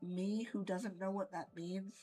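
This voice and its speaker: A woman's voice: medium pitch, steady tone, a little slow, warm tone, soft background music. A woman giving goofy, rambling commentary while building in a block game, joking to herself. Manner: rambling, goofy, jokes to self. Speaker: Minecraft builder. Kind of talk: casual gameplay commentary.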